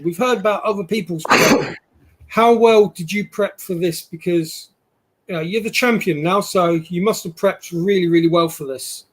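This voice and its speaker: A British man with a high-pitched voice hosts a casual live chat show over a video call. He asks friendly, chatty questions and drops short, eager replies while his guest talks. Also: breathy edge. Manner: brief backchannels, chatty questions. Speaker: host. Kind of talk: casual live-stream interview.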